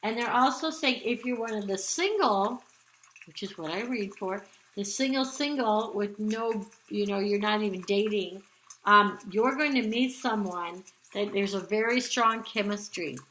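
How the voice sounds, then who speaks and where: A woman's voice: medium pitch, a little slow, fairly bright tone. A woman giving a casual spoken tarot reading, rambling with many ums and restarts. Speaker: tarot card reader. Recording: echoey room.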